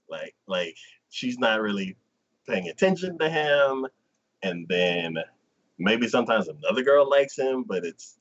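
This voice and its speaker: Animated man recapping an anime episode. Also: mid-range voice, highs cut off. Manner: animated storyteller who acts out scenes. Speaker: co-host. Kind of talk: casual anime discussion.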